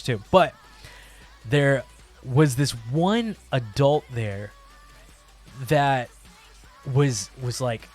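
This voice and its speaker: A man streamer telling a funny story in a casual, animated way, with many fillers and laughs. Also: mid-range voice.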